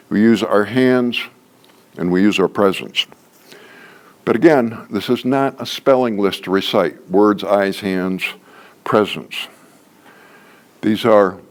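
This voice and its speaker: Older man giving a joking workshop talk. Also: lowish voice. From Canada. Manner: folksy, joking, emphatic repetition. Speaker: trainer. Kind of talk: workshop lecture.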